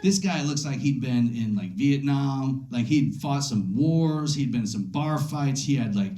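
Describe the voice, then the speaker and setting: A man doing a stand-up comedy set on a club stage into a handheld mic, telling an animated story full of fillers. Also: medium pitch, unhurried. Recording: echoey club room.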